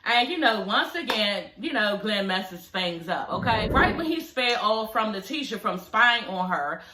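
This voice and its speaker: A woman's voice: mid-range voice, lively intonation, a little slow, noisy background. A young woman recapping a reality show in a blunt, sassy rant, swearing freely and laughing often. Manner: sassy and blunt, swears freely, laughs often, many "you know what I'm saying" tags. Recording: echoey room.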